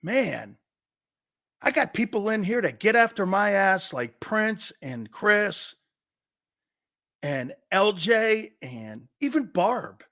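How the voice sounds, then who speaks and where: A man with a Philadelphia accent hosting an opinionated sports talk show, loud and excitable, often laughing and shouting. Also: high-pitched, slow.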